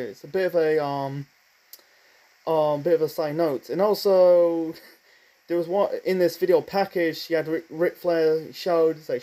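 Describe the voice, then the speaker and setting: Guy rambling thru a wrestling show review, lotsa asides, kinda high mellow voice. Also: steady tone, low-quality recording. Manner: rambling, many fillers and asides, admits speaking too fast. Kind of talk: casual spoken review monologue.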